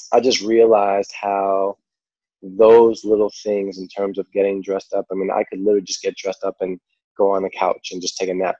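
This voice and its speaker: A man's voice: sits low, dark tone, no echo, muffled recording. A man with a New York accent, a podcast guest telling stories in a rambling, casual way, full of "like" and "you know". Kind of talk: casual storytelling.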